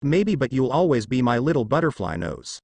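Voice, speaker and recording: A man voicing a fond, doting middle-aged father who runs a shop, a touch lower and gruff. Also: sing-song, normal speed, darkish tone, no echo.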